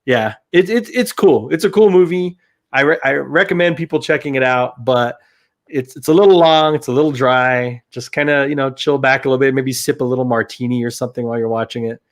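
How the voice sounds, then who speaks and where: A man's voice: medium pitch, a little fast. A young man co-hosting a movie review show, talking casually with lots of fillers, restarts and swearing.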